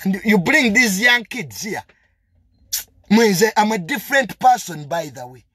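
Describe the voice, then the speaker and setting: A man's voice: sits high, very animated, a little slow, bright, forceful tone, slightly rough, dry recording. A young man with a Ugandan accent delivering a heated, confrontational monologue full of emphatic repetitions. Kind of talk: heated monologue mixing English and Luganda.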